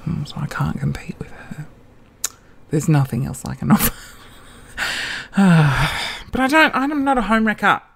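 A woman's voice: low-pitched, a bit bright. A woman, a comedian telling a rambling, self-mocking story on her podcast.

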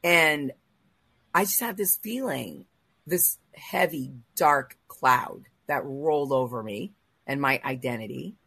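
Low husky woman telling a story. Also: slow pace, no room sound. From Los Angeles area. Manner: emotional, animated retelling with quoted asides. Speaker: host of a faith talk show. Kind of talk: casual storytelling in a group chat.

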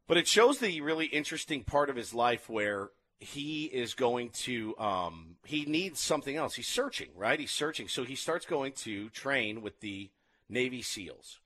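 A man co-hosting a casual chat, retelling a documentary with animated storytelling and acted-out quotes. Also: mid-range voice, a little slow. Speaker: podcast co-host.

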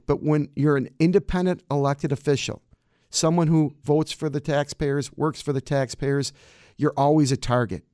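A man's voice: on the high side, fairly even intonation, normal speed, mellow, clean tone, dry recording, studio quality. A man, a county clerk answering campaign interview questions in an emphatic, combative way.

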